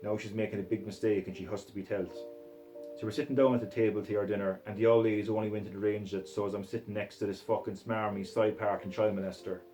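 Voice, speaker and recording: A man's voice: on the low side, fairly even intonation, fast, dark tone, faint music behind, low-quality recording. A man reading a crude novel aloud in a put-on Scottish accent, in a profane, aggressive first-person voice. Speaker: reader.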